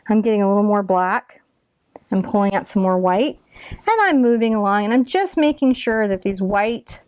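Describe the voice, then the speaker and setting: A fairly high-voiced woman in her forties leads a painting lesson, chatty and encouraging, talking through every brush stroke. The sound is dry and close, with no room echo. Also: a little mellow. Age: 40s. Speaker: painting instructor.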